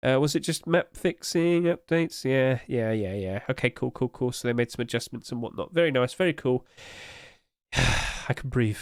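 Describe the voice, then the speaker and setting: A young man, streaming and chatting casually and rambling with animated energy. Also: medium pitch, brisk, few pauses, clear, resonant tone, dry recording, clean studio sound. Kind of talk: casual live-stream chat.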